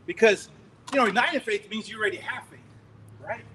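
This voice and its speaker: A middle-aged male preacher telling a story in a sermon, animated and laughing, acting out scenes loudly. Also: sits high, fairly quick, a little hiss or hum, low-quality recording.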